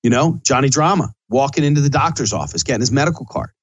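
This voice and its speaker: A man's voice: mid-range voice, animated, fast talker, no echo, muffled recording. A middle-aged man, a chef, hosting a casual podcast in a loose, rambling, chatty way.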